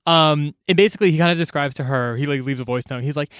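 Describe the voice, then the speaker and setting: Slangy man with a higher voice. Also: fast, hardly any pauses, a bit bright, clear, resonant tone, no room sound, clean studio sound. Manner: slangy, filler-heavy, swears casually. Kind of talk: casual story recap.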